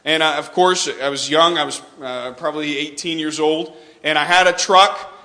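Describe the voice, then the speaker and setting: A man's voice: on the high side, steady tone, normal speed, bright, forceful tone. A young man from Texas preaching a sermon, telling a story with frequent restarts and repeated words.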